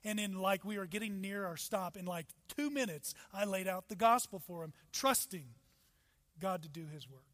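A man preaching a sermon as pastor, with emphatic rises and sudden soft drops. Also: high voice, expressive, normal speed. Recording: long hall reverb.

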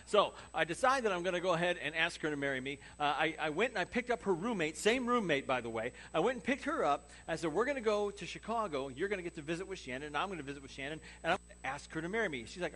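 A man preaching a sermon as pastor, telling a personal story with lively acted-out dialogue. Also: on the high side, fast, hardly any pauses. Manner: animated storyteller acting out quoted dialogue.

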